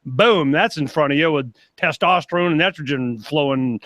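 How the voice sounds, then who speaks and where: An older man and grandfather talking casually as a panel guest on a video call, rambling and animated as he tells stories. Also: on the high side, normal speed, no room sound.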